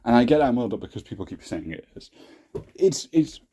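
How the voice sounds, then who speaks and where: A man's voice: medium pitch, sing-song, fairly quick, dark tone, slightly rough. A young British man casually giving his opinions, rambling with frequent restarts and blunt swearing. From Britain. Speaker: YouTube reviewer.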